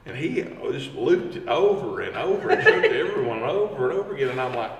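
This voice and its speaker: A firefighter, telling stories in a casual chat and acting out the quotes with lively energy. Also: male voice, medium pitch, quick pace, hardly any pauses. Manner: animated, acts out quotes. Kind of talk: casual storytelling. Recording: roomy, distant mic with background hum.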